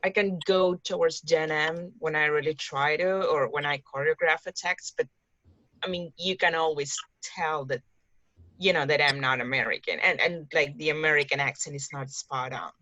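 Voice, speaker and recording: A woman's voice: sits low, steady tone, normal speed, bright, forceful tone, no echo, muffled recording. A woman from Peru with a Peruvian Spanish accent, hesitantly asking a question on a video call. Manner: hesitant, searching for words. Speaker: audience member asking a question.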